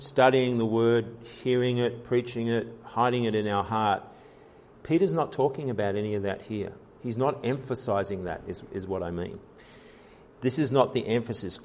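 A man's voice: on the low side, moderate pace, a little mellow. A man preaching a sermon as pastor, in an earnest style with frequent fillers, restarts and rising emphasis.

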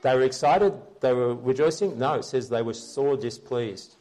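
A man's voice: mid-range voice, normal speed, warm tone. Earnest conversational male preacher. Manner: earnest, explains scripture and checks in with listeners. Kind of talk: conversational Bible teaching sermon.

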